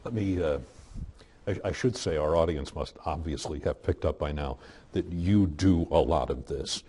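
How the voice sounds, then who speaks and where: A man hosting a television interview, asking his guest calm, measured questions. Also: rumbling low, a little hiss or hum. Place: television studio.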